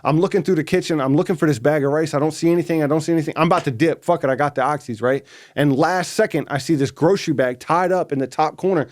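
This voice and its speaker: A man with a somewhat high speaking voice, sitting in as a guest on a casual podcast. He tells his story in a loose, profane way, jumping into other people's voices as he quotes them. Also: fast talker, darkish tone.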